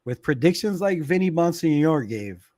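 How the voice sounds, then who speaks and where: A middle-aged man hosts a fan livestream, chatting loosely and reading viewer comments out loud. He laughs easily and curses without a second thought. His voice sits a bit high for a man, and the sound is close and dry with no room around it. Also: lively intonation, normal speed, no room sound. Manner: laid-back, reads viewer comments aloud, laughs often, swears. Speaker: fan channel livestream host. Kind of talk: casual livestream chat.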